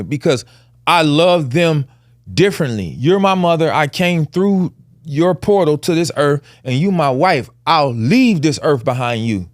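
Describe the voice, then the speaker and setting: A man's voice: fairly high pitch, lively intonation, a little slow, no echo, clean studio sound. Earnest man telling a family story. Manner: earnest, emphatic, casual vernacular speech. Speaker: podcast co-host. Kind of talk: candid conversational storytelling.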